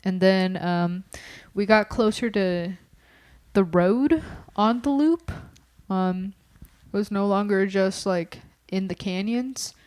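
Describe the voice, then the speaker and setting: A woman's voice: medium pitch, slow pace, a little mellow, clean tone. A young adult woman co-hosting a podcast in casual chat, rambling, candid and emotional. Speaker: podcast co-host. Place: apartment at night.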